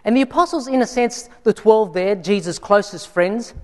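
A man's voice: high voice, normal speed. A man preaching a sermon in a church, telling a personal story in a conversational way with frequent restarts. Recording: long hall reverb.

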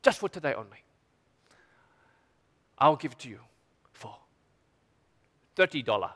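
A theatrical, wheedling market stall seller, as a man puts him on haggles in broken English. He sounds high and bright. The voice rings with long hall reverb. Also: very animated, unhurried, exaggerated voice. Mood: sly, low. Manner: broken English, dramatic pleading.

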